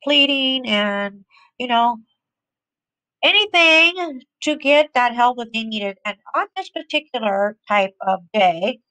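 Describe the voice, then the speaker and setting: A woman's voice: on the high side, lively intonation, slow, pushed and bright, no echo, poor audio. A woman spiritual teacher giving a conversational inspirational talk, often repeating phrases for emphasis.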